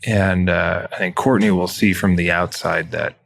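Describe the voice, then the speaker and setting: A man with a low, gravelly voice, speaking candidly and reflectively in a relaxed interview. He talks through his own thinking openly, quoting his past thoughts as he goes. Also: normal speed. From Montana. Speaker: business owner guest. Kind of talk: casual interview conversation.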